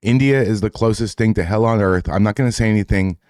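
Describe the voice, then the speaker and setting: A man with a very low voice hosts an online reaction show. He talks bluntly and swears a lot, and he keeps sounding exasperated. The sound is dry and close, with no room echo. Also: quick pace, a little mellow. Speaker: host reacting to clips. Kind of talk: casual reaction commentary.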